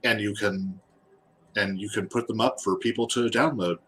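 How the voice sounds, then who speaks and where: A man, an artist and guest, chatting casually while he draws, halting and repeating words as he goes. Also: fairly low pitch, steady tone, fairly bright tone. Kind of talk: casual chat while drawing.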